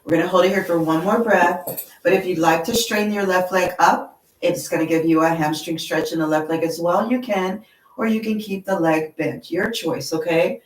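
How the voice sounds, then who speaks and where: A woman leading a yoga class, gently talking students through stretches and breathing and checking in with "okay?". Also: lowish voice, steady tone, reverberant, recorded from a distance, rough recording. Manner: slow, gentle and encouraging, with frequent "okay?". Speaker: yoga instructor. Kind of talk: guided yoga class instruction. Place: yoga studio.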